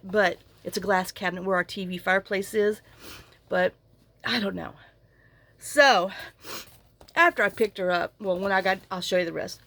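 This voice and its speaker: A woman's voice: medium pitch, fairly bright tone, a little hiss or hum. A woman vlogger chatting casually to camera, tearful and fighting back crying, rambling and often trailing off to restart. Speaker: journaling channel vlogger. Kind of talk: casual to-camera vlog chat.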